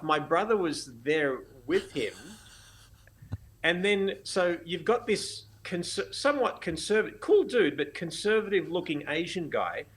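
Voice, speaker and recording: A man with an Australian accent, a photographer guest on a podcast, telling stories in an animated way and laughing often. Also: high-pitched, a little hiss or hum. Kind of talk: casual interview storytelling.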